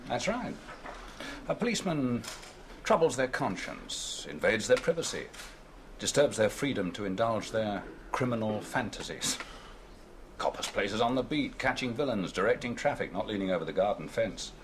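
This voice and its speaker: A man's voice: on the low side, very animated, normal speed, slight background noise. A dry, sardonic senior policeman. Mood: wry. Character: dry, wry senior male police officer. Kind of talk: 1970s television police drama.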